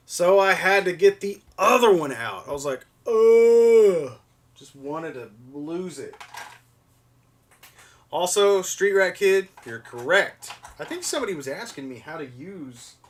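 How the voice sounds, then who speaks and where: A man's voice: mid-range voice, fairly bright tone. A man in his thirties hosting a casual livestream, chatting in a rambling way while explaining hands-on repair steps. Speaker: livestream host doing figure repair. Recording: voice a bit far from the mic.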